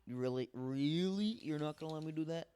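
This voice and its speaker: A man's voice: on the high side, a little fast, warm tone, clear, resonant tone. A tired man giving casual, rambling, self-deprecating commentary while playing a game at his home setup on a desk microphone. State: tired, early morning. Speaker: let's play host.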